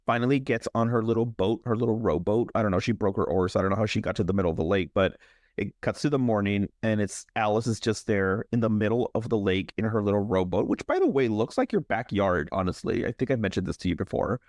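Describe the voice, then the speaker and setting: A young man co-hosting a horror podcast, recapping a movie in a casual, animated way, joking and laughing. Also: lowish voice, quick pace, no room sound, clean studio sound. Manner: animated storyteller, jokes and laughs. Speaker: podcast co-host.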